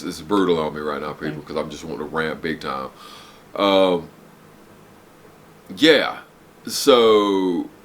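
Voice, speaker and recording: A forty-something man vlogging from a room in his house, preaching hard truths in a blunt, profane rant. His voice is tense and forceful, and he keeps stopping to apologize before he gets worked up again. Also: on the low side. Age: 40s. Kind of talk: blunt unscripted rant to camera. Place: home, downstairs room.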